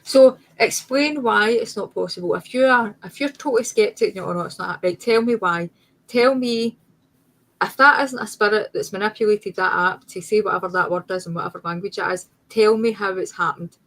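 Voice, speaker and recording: A woman's voice: medium pitch, moderate pace, fairly bright tone, poor audio. Emphatic woman guest. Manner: emphatic, insistent, restarts often. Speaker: guest paranormal investigator. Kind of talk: casual chat.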